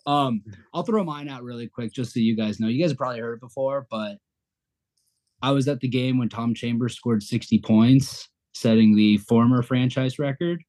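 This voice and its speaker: A man's voice: medium pitch, normal speed, dark tone. A middle-aged man hosting a podcast in casual chat, laughing at himself and rambling. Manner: laughing, self-deprecating, rambling with fillers. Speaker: podcast host.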